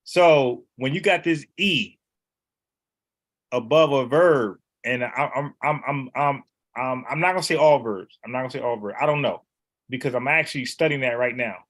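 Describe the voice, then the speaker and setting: A man's voice: medium pitch, moderate pace, a bit bright. A man teaching in a casual, conversational way, repeating words and explaining letters one by one. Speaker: Bible teacher.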